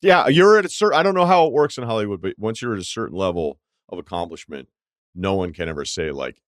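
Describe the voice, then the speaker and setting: A man's voice: on the low side, lively intonation, fast, no room sound, clean studio sound. A middle-aged man hosting a podcast, telling rambling stories in a wry, casual way. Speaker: podcast host. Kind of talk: casual chat.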